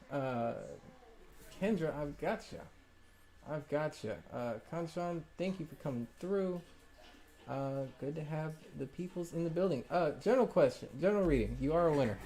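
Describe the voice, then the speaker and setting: A man's voice: fairly high pitch, mellow. A man with a slightly raised voice reads tarot cards live for his viewers. He talks in a loose, encouraging way, rambling with plenty of fillers as he goes. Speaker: tarot reader.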